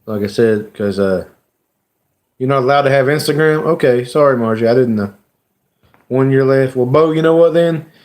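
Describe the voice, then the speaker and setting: A man chats with his live-stream audience at an ordinary middle pitch. He talks haltingly and emotionally, often trailing off into "you know" and "uh". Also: a little mellow. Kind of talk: casual live-stream chat.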